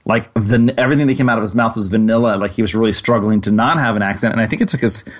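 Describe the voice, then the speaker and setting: A man with a somewhat low voice co-hosts a casual podcast. He rambles and restarts his sentences as he works through his opinions. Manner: rambling, halting, many restarts. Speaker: podcast co-host.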